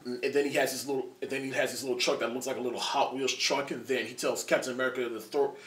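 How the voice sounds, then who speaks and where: A man in his twenties giving a casual spoiler movie review, excited and rambling, with lots of restarts and laughter. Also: mid-range voice, fast. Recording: roomy echo, distant from the mic.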